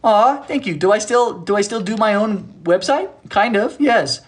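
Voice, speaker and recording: A man's voice: animated, normal speed. A man from Britain hosting a baking livestream in his kitchen, chatting playfully while reading viewer comments. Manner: playful, theatrical, jumps between high and low voices. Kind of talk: casual live-stream chat reading comments. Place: home kitchen.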